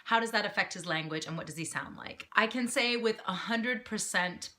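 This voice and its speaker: A woman's voice: mid-range voice, moderate pace. A woman, chatting casually to camera as an expat mom vlogger. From North Carolina, United States. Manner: chatty, lively, self-deprecating with fillers.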